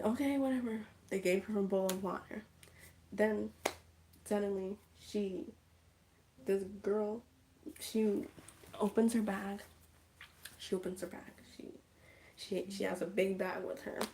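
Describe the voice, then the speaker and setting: A woman's voice: mid-range voice, vocal fry, slight background noise. A woman casually recapping a movie on a livestream, chatty and full of "like" fillers. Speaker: streamer.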